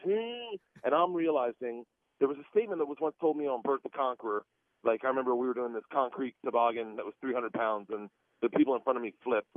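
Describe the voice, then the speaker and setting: A man's voice: mid-range voice, creaky, no echo. A man in his forties telling a story in a radio interview, calling in by phone and laughing as he talks. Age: 40s. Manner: animated, laughs through his own story. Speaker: guest comedian. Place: on a plane, then an airplane lavatory. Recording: tinny dry phone line.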